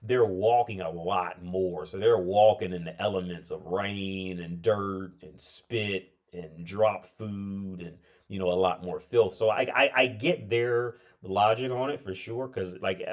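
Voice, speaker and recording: A tired man chatting on a casual livestream, his voice sitting very low. He rambles loosely, restarting sentences and leaning on filler words as he goes. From United States. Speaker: livestream host.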